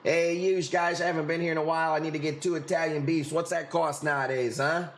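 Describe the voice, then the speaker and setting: A man putting on a pushy, fast-talking Chicago customer with a Chicago accent and plenty of attitude. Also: a little high, flat delivery, roomy sound, slight background noise, lightly acted. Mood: brash.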